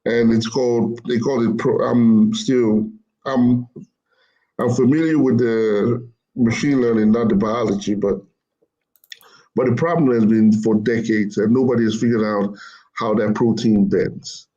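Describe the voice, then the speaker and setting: A man's voice: mid-range voice, fairly even intonation, unhurried, dark tone, lo-fi sound. A man explaining machine learning in casual talk, rambling and repeating himself as he corrects his words. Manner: rambling, repeats phrases, self-corrects often.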